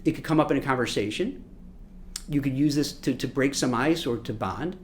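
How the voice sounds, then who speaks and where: A man from Brooklyn, a recruiter, giving a lively coaching lesson on job interviews, often repeating words and acting out what people say. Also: medium pitch, brisk, a little hiss or hum. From Brooklyn, New York. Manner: animated, repeats words, acts out quotes. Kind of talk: coaching masterclass talk.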